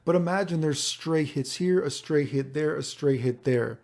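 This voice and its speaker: A man rambles through casual commentary on gameplay clips, with a mellow, gravelly tone. He swears freely and keeps checking whether the listener follows. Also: a little high, normal speed. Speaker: fighting game commentator.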